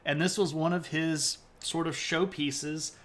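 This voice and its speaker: A man's voice: a little high, steady tone, measured pace, fairly bright tone. A man giving a casual, joking history talk on a live stream, rambling with lots of fillers and stopping to greet viewers in chat. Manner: loose and rambling with many fillers.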